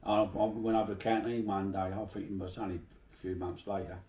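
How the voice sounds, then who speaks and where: A man's voice: on the low side, flat delivery, brisk, darkish tone, roomy sound, distant mic. A middle-aged man from Bermondsey with a South London accent, telling salty stories in a casual interview. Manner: chatty, salty, swears freely while telling anecdotes.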